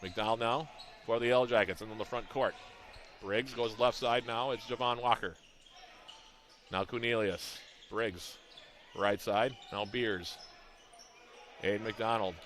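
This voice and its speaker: A man calling a college basketball game play-by-play, reading out plays, scores and shooting stats in a brisk, rhythmic way. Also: lowish voice, steady tone, fairly bright tone, a little hiss or hum. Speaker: play-by-play announcer.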